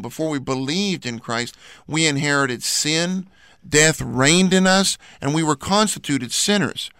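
Guy explaining bible teaching, bright crisp voice, dry studio sound. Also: a little high, no room sound. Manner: earnest, explanatory. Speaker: radio program co-host. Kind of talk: scripted teaching talk.

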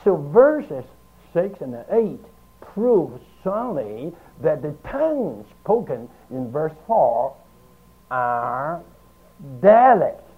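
Slow, emphatic preacher on a tinny recording. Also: male voice, a little high, big pitch swings. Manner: slow, emphatic teaching with long pauses. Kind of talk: archival sermon. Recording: tinny phone-like archive recording.

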